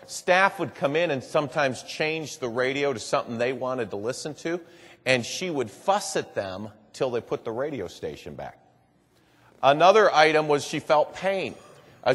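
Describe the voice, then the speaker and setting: Before a live audience, a public speaker tells a story earnestly, repeating "and boy" along the way. His voice is medium-pitched and fairly bright, with long hall reverb in the recording.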